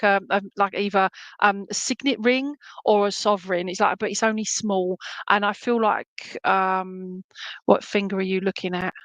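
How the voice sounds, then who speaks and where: A woman's voice: medium pitch, a bit bright, dry recording. Chatty woman medium, dry close sound. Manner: chatty and reassuring, with frequent fillers and restarts. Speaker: medium at a spiritualist church. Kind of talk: clairvoyant reading in an online service.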